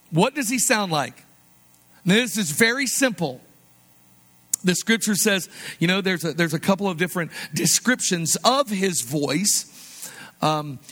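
A man preaching a sermon as a pastor, conversational and animated, rising to emphatic lines and dropping to soft, low asides.

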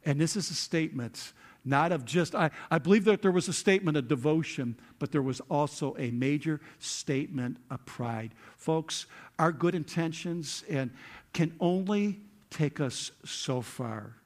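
A male pastor preaching a sermon, retelling a scripture story with lively acted-out quotes. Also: a little high, unhurried. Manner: animated storytelling, acts out quotes with rising intensity.

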